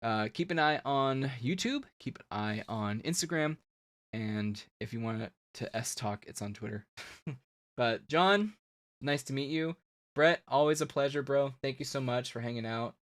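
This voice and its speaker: Talking a little slowly, with lively intonation at a medium pitch, a man hosts a comics live stream. It's a casual wrap-up where he chats loosely, rants, laughs and speaks to the chat.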